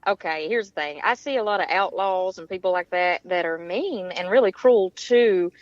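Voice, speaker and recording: A woman's voice: on the low side, moderate pace, no room sound. A woman, a guest chatting candidly and laughing often. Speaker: guest musician. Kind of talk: casual chat. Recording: dull, dry, lo-fi line.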